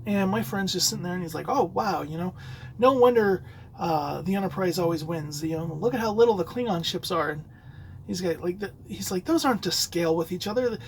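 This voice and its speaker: A man's voice: high voice, a little fast, a little hiss or hum, rough recording. A man hosting a solo podcast, telling a rambling story with many fillers and restarts. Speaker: podcast host. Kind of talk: casual solo podcast talk.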